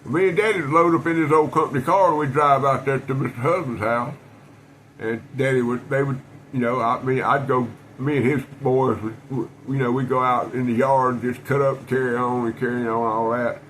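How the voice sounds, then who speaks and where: A man, his voice sitting at an ordinary middle pitch for a man, talks casually to camera with faint room ambience underneath. He tells things in a folksy, rambling way, looping back on himself with restarts and fillers. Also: fairly even intonation, fairly quick, fairly bright tone, slight background noise, low-quality recording. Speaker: knife collector vlogger.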